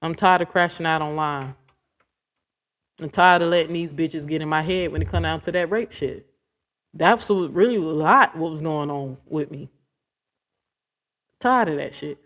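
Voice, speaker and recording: A woman's voice: low-pitched, normal speed, long pauses, fairly bright tone. Woman vlogger, casual rant, blunt and rambling with swearing. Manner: blunt, profane, rambling and emphatic.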